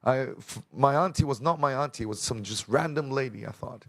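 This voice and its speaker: A man's voice: mid-range voice, fairly quick. A young man giving a personal testimony to a church congregation, telling his story with emotion and acting out the dialogue.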